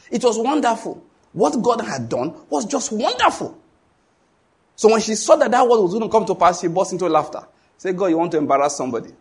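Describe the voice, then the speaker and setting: Husky-voiced Nigerian preacher. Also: male voice, high voice. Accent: Nigerian English. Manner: emphatic, asks the congregation to finish his sentences. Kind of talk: sermon.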